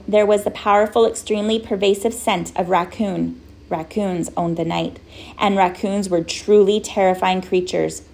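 Gravelly-voiced woman reading a storybook. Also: mid-range voice. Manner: gentle, wry storytelling. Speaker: audiobook narrator. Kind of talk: scripted storybook narration.

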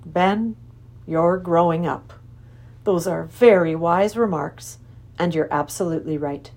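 A woman voicing a middle-aged father in a storybook reading, brisk and doubtful in his speech. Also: fairly high pitch, very animated. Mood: quiet. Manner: brisk, doubtful, then quietly proud.

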